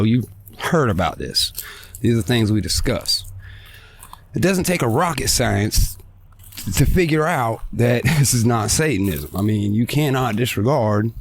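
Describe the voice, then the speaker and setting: A man hosting his own show, ranting bluntly with plenty of swearing while walking his dog in a park, a bit out of breath. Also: mid-range voice. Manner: blunt, profane, emphatic. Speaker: podcast host. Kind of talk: ranting monologue. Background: faint traffic and kids.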